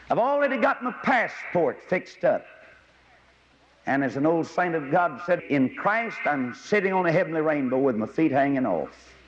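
A man, preaching a sermon in a folksy storytelling way, with sudden high, excited bursts. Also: slight background noise. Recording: dull lo-fi audio with long hall reverb.

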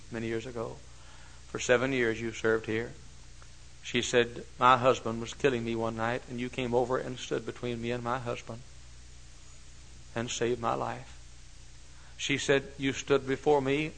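A pastor preaching a sermon, moving from hushed storytelling to loud, shouted climaxes. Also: male voice, medium pitch, gravelly, poor audio.

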